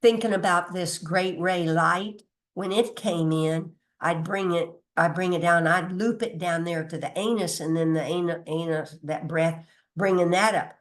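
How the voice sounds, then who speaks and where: A woman's voice: on the low side, fairly even intonation, unhurried. A woman giving an informal spiritual teaching, chatty and emphatic, often laughing and mildly cursing, sometimes losing her place or reading from notes. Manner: loses her place and restarts, reads from notes.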